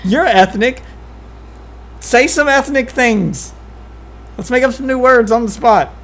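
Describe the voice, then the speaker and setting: A woman's voice: on the high side, unhurried. A woman streamer chatting casually on a live stream, blunt and crude, joking and talking over her co-host. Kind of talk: casual chat.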